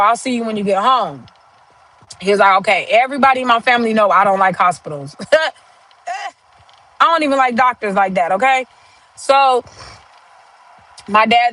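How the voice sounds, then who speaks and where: A woman's voice: medium pitch, a bit bright, low-quality recording. A woman on a live stream telling a long personal family story in a casual way, acting out the lines of the people in it and using many fillers. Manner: conversational, retells dialogue with "I was like", many fillers.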